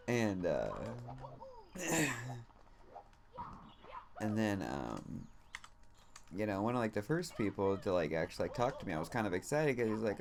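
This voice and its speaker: A man streaming a game and chatting casually, with a slightly low voice. He rambles through his story, leaning on "like" and "you know" every few words and dropping casual swears along the way. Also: very animated, unhurried, pauses often, a little mellow.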